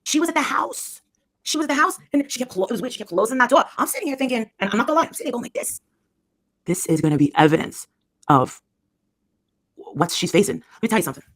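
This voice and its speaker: A woman with a slightly high voice talks on a live stream into a phone or webcam. She rambles, circles back and repeats herself, with a scornful, gossiping edge. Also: sing-song, fast talker, pauses often, breathy edge. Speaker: livestreamer.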